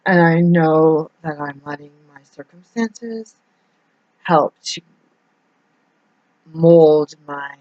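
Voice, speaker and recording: A woman's voice: sits low, slow, a little mellow, no room sound. A woman vlogger speaking in a personal confessional monologue, rambling and hesitant as she restarts her sentences. Her voice comes across dry, with no room sound. The recording is muffled and lo-fi.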